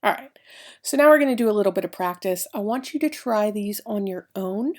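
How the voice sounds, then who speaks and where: A woman's voice: mid-range voice, expressive, fairly quick. A woman teaching a recorded French grammar lesson, explaining each step and spelling out letters.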